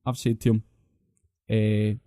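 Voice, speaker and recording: Scottish guy ranting n swearing on a podcast, mellow low tone, dry sound. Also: animated, brisk, no echo. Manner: profane, ranting storyteller. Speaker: podcast co-host. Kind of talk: casual chat, long sweary anecdotes.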